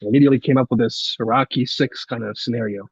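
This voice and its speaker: A man talking as a guest in a casual podcast conversation, relaxed and musing, quick to laugh. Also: medium pitch, breathy edge, no echo, lo-fi sound.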